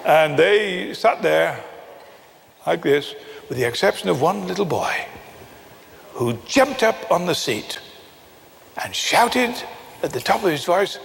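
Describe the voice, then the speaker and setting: A man preaching a sermon, telling a story with acted dialogue and emphatic pauses, from England. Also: sits high, sing-song, gravelly, fairly bright tone, long reverb tail, a little hiss or hum.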